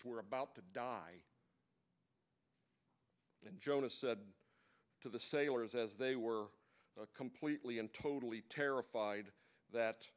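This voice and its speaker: A man giving a sermon at a men's breakfast, retelling a story in an easy conversational way with occasional asides. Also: medium pitch.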